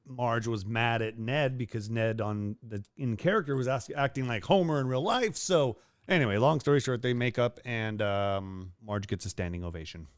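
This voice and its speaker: A man co-hosting a casual chat, retelling a cartoon episode in a lively storytelling way with quick asides. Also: mid-range voice. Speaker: co-host recapping a cartoon episode.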